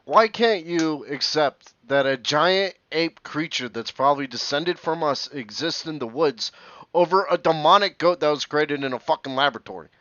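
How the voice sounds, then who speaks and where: A man's voice: fairly high pitch, moderate pace, sharp tone, no room sound. A man co-hosting a podcast in casual banter. He is sarcastic, swears and laughs often. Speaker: podcast co-host. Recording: dull, dry close mic.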